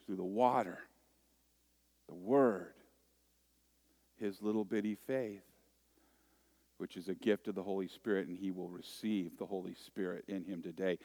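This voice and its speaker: A man's voice: low voice, a little mellow, dry recording. Male pastor, 40s, chatty sermon, jokes at his own expense, dry close sound. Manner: joking, self-deprecating, storytelling. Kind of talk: conversational sermon.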